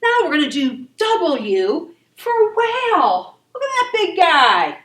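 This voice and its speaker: Woman children's yoga instructor, high-pitched and sing-song, unhurried; recorded far off in a reverberant room. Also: wildly swooping pitch. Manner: encouraging, gentle and sing-song. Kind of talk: leading a kids' yoga class. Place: library room.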